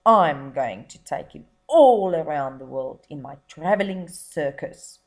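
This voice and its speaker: A woman reading a children's story aloud, voicing a gruff, greedy male circus owner who turns cross and loud. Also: deep voice, expressive, unhurried. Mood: scheming.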